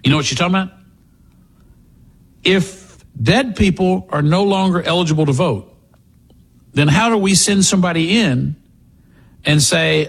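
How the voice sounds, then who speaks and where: A man's voice: high-pitched, moderate pace, creaky, long pauses, husky. A man hosting a talk radio show, delivering a sarcastic, mocking political monologue. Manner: sarcastic, mocking, puts on voices.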